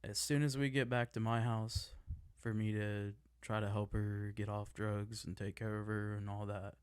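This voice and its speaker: A man's voice: on the low side, level tone, moderate pace, smooth, no echo. A man telling an emotional personal story, agitated and swearing as he vents about family.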